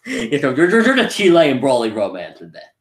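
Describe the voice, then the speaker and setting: A man's voice: mid-range voice, wildly swooping pitch, fairly quick. Rambling man recapping a movie, roomy sound. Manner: rambling, many restarts and "like", acts out quotes. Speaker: movie reviewer.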